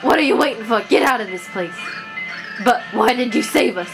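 A woman's voice: fairly high pitch, animated, a little fast, creaky, over music, low-quality recording. A woman reading as a cocky villain king.

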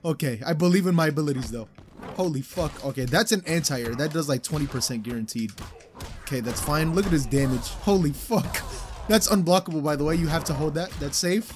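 A young man giving live commentary over a fighting game he is playing, excitable and swearing, swinging from low mutters to loud outbursts. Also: fast talker, a little hiss or hum. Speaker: gaming channel host.

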